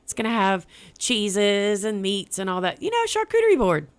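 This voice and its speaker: A young woman, chatting as a guest on a radio show about an event she is organizing, bubbly and quick to repeat herself. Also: mid-range voice, sing-song. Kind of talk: casual radio interview.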